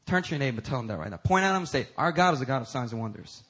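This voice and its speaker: A man preaching a sermon as pastor, emphatic, rising to high, loud peaks and talking casually to the congregation. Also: animated, racing, breathy edge, rough recording. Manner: uses y'all and casual asides to the congregation.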